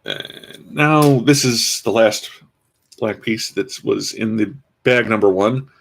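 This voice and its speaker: A man's voice: lowish voice, slow, vocal fry. A man casually commenting as he builds a toy kit, rambling with dry, self-mocking asides. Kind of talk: casual live-stream commentary.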